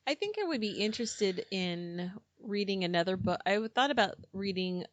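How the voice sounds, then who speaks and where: A woman in a casual book club chat, speaking at a middle pitch and often restarting her thoughts. Her voice is dry and close-miked, with no room sound. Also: lively intonation, normal speed, no room sound. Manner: hesitant, restarts sentences.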